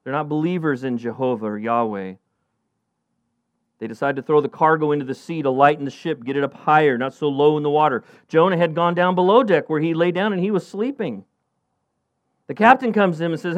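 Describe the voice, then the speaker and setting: A middle-aged man preaching a sermon as pastor, animated, acting out Bible characters in a raised voice. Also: fairly quick, no room sound, muffled recording. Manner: animated, acts out Bible characters with rising pitch.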